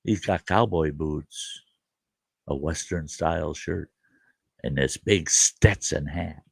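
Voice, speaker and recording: A man's voice: a bass voice, slow, no echo. An older man, hosting and telling a story casually, chuckling as he goes. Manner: animated, chuckling, dry gravelly delivery. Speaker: host.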